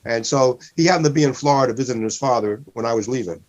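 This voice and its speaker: A man's voice: mid-range voice, fast talker. A man, a comedian, casually telling a rambling story, often restarting and stopping himself. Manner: rambling, self-interrupting.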